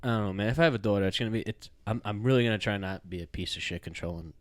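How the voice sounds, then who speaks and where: A man's voice: fairly low pitch, racing, no echo. A young man co-hosting a podcast in casual, profane chat, asking probing questions. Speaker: podcast co-host.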